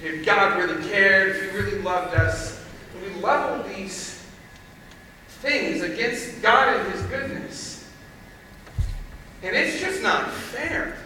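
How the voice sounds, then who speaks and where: A man giving a chapel sermon, telling stories conversationally and building to loud emphasis, recorded from far off in a large hall. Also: sits high, slow, pauses often, a little hiss or hum. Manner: conversational storytelling, rising to shouts. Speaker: chapel speaker.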